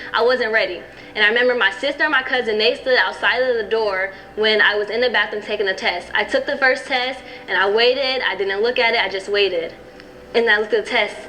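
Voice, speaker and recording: A woman's voice: fairly high pitch, sharp tone, rough recording. A young adult woman recounting personal events in a documentary interview, with frequent "you know what I'm saying".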